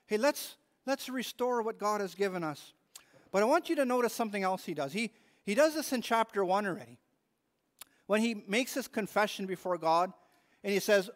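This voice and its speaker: A man's voice: sits high, animated, moderate pace, long pauses, big-room sound. A man preaching a sermon as pastor, earnest and repeating words as he stresses his points. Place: church hall.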